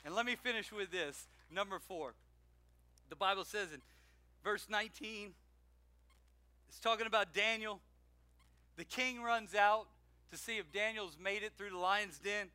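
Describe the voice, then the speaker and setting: A man with a very high, piercingly bright voice delivers an animated church sermon. He calls out to the congregation for responses. The sound is close and dry. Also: unhurried, long pauses, smooth, dry recording. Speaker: pastor. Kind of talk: energetic sermon with announcements. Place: church sanctuary.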